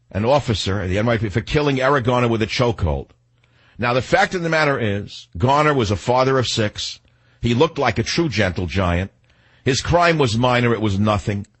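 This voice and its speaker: A man's voice: mid-range voice, fairly bright tone, breathy edge. An older man hosting a talk radio show, delivering an indignant, combative monologue.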